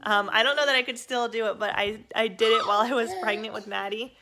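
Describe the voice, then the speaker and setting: A woman's voice: on the high side, fairly even intonation, quick pace, crowd noise. A young woman chatting casually at home in her family vlog, rambling with fillers and little laughs. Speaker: vlogger mom.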